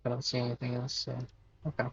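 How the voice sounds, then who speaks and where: A man's voice: medium pitch, monotone, quick pace, creaky, dull audio, slight background noise. A man streaming a game, casually commenting, swearing and laughing as he reads dialogue aloud. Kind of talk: live gameplay commentary, reading dialogue aloud.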